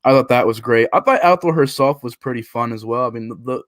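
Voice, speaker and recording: Dude recapping a bad horror movie, jumps into silly voices, dry close sound. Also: male voice, fast, no echo. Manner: animated, acts out scenes in jumpy higher voices. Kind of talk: casual movie review chat.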